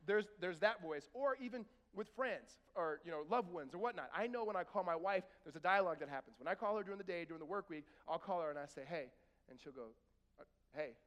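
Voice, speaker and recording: A man's voice: high-pitched, fast talker, hardly any pauses, long reverb tail. A middle-aged man preaching a sermon in church, talking in a conversational way and acting out little scenes. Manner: conversational, animated storytelling with acted-out voices. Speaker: pastor.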